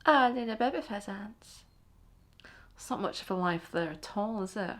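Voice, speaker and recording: Excitable woman reacting out loud. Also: mid-range voice, moderate pace, soft background music. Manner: exclaiming, gasping and laughing. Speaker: reaction video host. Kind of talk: casual reaction commentary.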